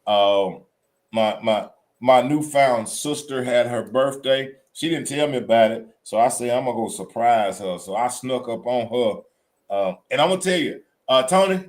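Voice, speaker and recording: Man co-host, animated storyteller, colloquial, mid pitch. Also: normal speed. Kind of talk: casual chat.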